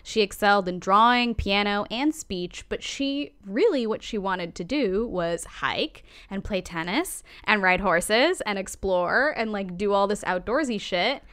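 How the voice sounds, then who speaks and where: A woman telling a story to a friend in relaxed podcast chat, her pitch sitting in the middle of the range. She is animated and casual, tosses in light swearing, and acts out little quotes as she goes. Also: unhurried, hardly any pauses, clean tone.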